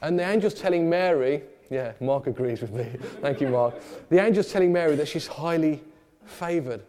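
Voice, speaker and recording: A man preaching a sermon in a church, lively and humorous, acting out the people in the story. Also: on the high side, moderate pace.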